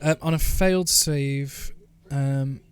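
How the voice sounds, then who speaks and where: A man's voice: medium pitch, fairly even intonation, takes it slowly, clear, resonant tone. A man running a tabletop game, narrating and checking rules casually. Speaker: game master.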